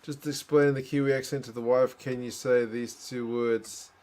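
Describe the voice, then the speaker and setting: A man's voice: medium pitch, flat delivery, normal speed, darkish tone. A man hosting a casual live watch-along, chatting and reacting aloud to a rugby match. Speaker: host.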